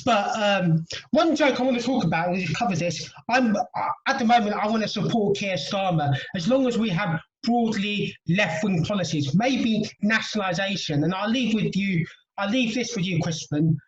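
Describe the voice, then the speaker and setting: A man's voice: sits high, moderate pace, roomy sound, highs cut off. A man, a comedian, delivering dry political jokes on a video call.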